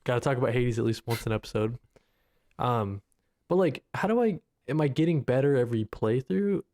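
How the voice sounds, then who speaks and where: A male co-host in an easygoing gaming chat who rambles and keeps reaching for "you know what I mean". His voice sits mid-range in pitch and he swears now and then. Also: animated, fairly quick, a little mellow. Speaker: podcast co-host. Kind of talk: casual chat.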